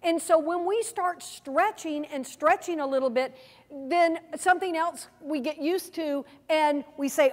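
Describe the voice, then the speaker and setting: High-voiced woman leading a workshop. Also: measured pace. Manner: lively, asks the audience questions. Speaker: seminar presenter. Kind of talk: teaching a workshop. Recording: long hall reverb.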